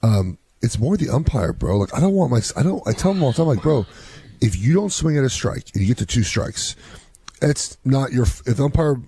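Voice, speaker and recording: A father and youth softball coach chatting casually, loud and animated, acting out quotes. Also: medium pitch, brisk, breathy edge. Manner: animated storytelling, acts out quotes. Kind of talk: casual chat.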